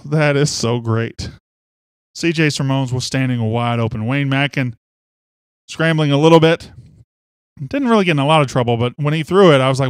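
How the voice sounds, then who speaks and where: A man hosting a sports podcast in casual chat, excitable and teasing, swinging from loud bursts to quiet asides. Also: medium pitch, moderate pace, clear, resonant tone, no room sound. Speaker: podcast host.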